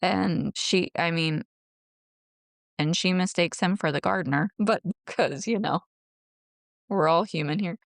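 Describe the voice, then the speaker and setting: A woman co-hosting a faith podcast, speaking in a gentle, reflective way. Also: on the low side, measured pace, vocal fry, pauses often, dry recording, clean studio sound. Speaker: podcast co-host. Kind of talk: casual faith chat.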